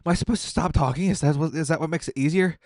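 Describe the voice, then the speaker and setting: His voice is on the high side, rapid-fire and a little mellow, recorded dry at studio quality. He's a gaming content creator streaming while he eats painfully spicy wings, sweating, teary and groaning with exasperation. He talks through the suffering, keeping up casual commentary on the game.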